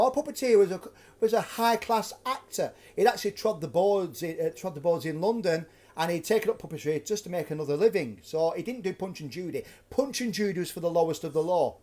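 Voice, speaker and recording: A man hosting a live stream from his flat, telling a ghost story in a chatty, animated way. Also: on the high side. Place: flat at home.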